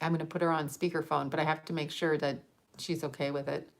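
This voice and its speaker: A woman's voice: low-pitched, level tone, quick pace, vocal fry. Woman, livestream host, casual chat, rambling, laughs often.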